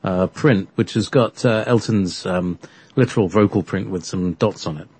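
A man hosting a talk radio show, asking questions in a halting way with lots of fillers. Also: deep voice, a little mellow, slightly rough.

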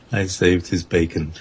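A man hosting an internet radio show, chatting in a halting, rambling way with lots of fillers and frequent laughter. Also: deep voice, husky. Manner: halting, many fillers and restarts, laughs often. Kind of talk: rambling casual chat on air.

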